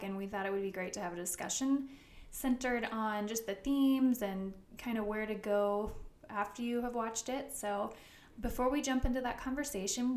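A woman co-hosting a podcast in casual chat. She talks fast and fills her pauses with ums. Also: fairly high pitch, a little mellow, roomy sound. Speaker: podcast co-host.

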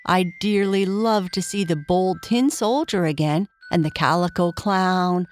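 A woman's voice: fairly low pitch, a little slow, slight background noise, pitched above the performer's own voice, lightly acted. A woman voicing a sweet, chatty little female sawdust doll in a storybook reading, cheerful and eager.

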